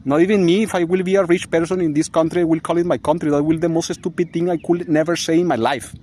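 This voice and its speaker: A man's voice: fairly high pitch, steady tone, fast talker, warm tone, slight background noise. A man giving a rambling, agitated vlog monologue, swearing and laughing bitterly as he rants. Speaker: vlogger.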